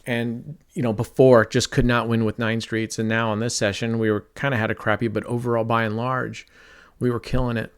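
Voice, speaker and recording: Smooth-voiced talkative middle-aged man. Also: mid-range voice, little pitch movement, fairly quick. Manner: talkative, rambling, self-described mellow. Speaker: roulette streamer. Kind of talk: casual commentary while playing online roulette.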